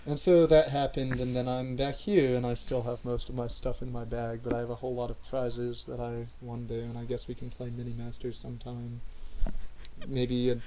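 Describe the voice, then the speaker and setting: A man's voice: medium pitch, level tone, normal speed, darkish tone, slight background noise, poor audio. A man chatting casually as a podcast co-host, rambling and trailing off with lots of fillers. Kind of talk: casual chat.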